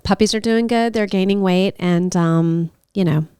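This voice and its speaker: Young woman cohost rambling thru a story, really smooth clear voice, dry close sound. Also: mid-range voice, normal speed, mellow, no room sound. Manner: chatty storyteller, rambling with fillers. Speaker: podcast co-host. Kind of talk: casual chat.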